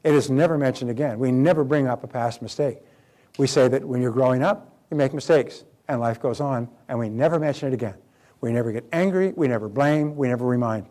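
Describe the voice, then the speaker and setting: An older man speaking as a motivational speaker at a seminar. He talks with emphasis, repeats his key phrases and acts out little quoted exchanges, in a voice of middle pitch. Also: fairly quick, warm tone.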